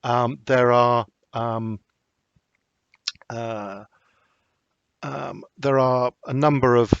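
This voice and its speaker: A man, narrating as game master for a tabletop horror game and pausing often with ums and restarts. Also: medium pitch, fairly bright tone, no echo. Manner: hesitant, many ums and restarts. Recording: dry, slightly dull lo-fi recording.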